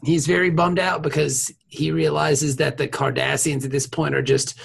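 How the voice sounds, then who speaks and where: A podcast co-host recapping an episode with profane jokes, frequent laughter and animated voices for the characters. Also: female voice, low-pitched, moderate pace, vocal fry, slightly rough. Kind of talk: crude comedic recap.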